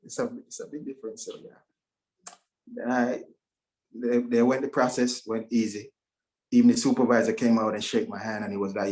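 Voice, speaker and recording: A middle-aged man giving a halting, emotional personal testimony over a video call. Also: medium pitch, little pitch movement, a little mellow. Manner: emotional, halting, with many restarts. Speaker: guest speaker at a virtual event.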